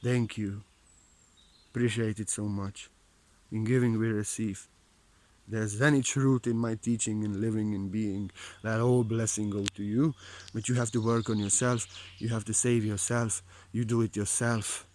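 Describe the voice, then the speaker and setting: A man giving a spiritual teaching in earnest, repetitive phrasing, swinging between hushed stretches and forceful emphasis, with non-native grammar. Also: fairly low pitch, flat delivery, unhurried.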